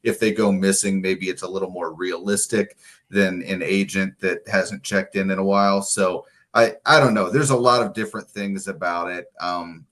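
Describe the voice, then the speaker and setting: A very low-pitched man talking through a TV episode in a relaxed podcast chat. He wanders through his points, circling back with plenty of ums and restarts. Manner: rambling, with frequent fillers and restarts. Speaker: podcast co-host. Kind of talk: casual chat about a TV show.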